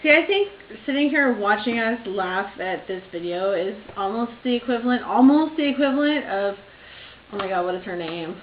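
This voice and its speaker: A woman chatting and telling stories with a lively, bouncing pitch. She slips into loud acted-out quotes. The sound is dull and lo-fi in an echoey room. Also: normal speed, slight background noise. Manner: animated, acts out quotes loudly. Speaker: vlogger. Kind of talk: casual storytelling chat.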